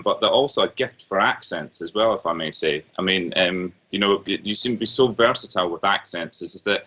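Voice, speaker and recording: A man with a Scottish accent asks questions in a hesitant, stumbling way. His voice sits very low. The recording sounds slightly muffled. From Scotland. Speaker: interviewer, theatre director. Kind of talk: conversational interview.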